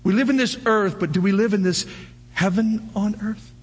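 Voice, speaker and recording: An older man preaching a sermon, firing off rhetorical questions and breaking into animated shouts. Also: sits high, normal speed, husky. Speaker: pastor.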